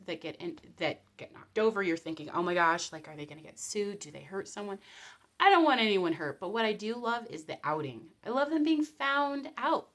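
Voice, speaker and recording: A woman vlogger giving casual commentary straight to camera. Her delivery is animated and expressive. She often slips into short acted-out quotes. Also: mid-range voice.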